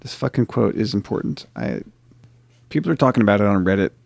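A man's voice: on the low side, expressive, fast, vocal fry, a little mellow, dry recording. A man co-hosting a casual podcast, talking bluntly and trailing off mid-sentence. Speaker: podcast co-host. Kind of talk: casual chat.

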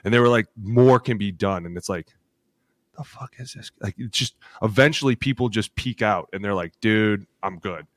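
A man in his thirties co-hosting a sports podcast, telling animated locker-room stories full of acted quotes and cursing. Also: on the low side, fairly quick, hardly any pauses, no echo, studio quality. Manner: animated storytelling with acted quotes, swears freely. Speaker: podcast co-host, former NFL lineman. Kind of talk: casual chat.

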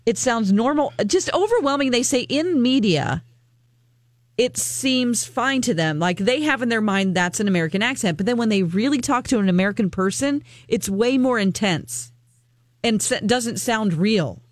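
Woman vlogger going through comments out loud, lots of ums, dead dry mic. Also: fairly high pitch, animated, normal speed, no echo. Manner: chatty, with frequent ums, reacting to what she reads. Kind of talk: casual chat, reading viewer comments aloud.

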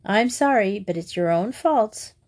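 A woman's voice: medium pitch, animated, a little slow, darkish tone. Woman voicing a prim, doubtful teacher. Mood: curt. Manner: doubtful, unfeeling.

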